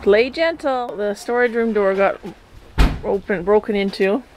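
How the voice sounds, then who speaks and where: A woman's voice: medium pitch, measured pace, background noise. A woman filming her puppies, talking to them in sing-song baby talk and laughing often. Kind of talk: cooing at puppies while filming.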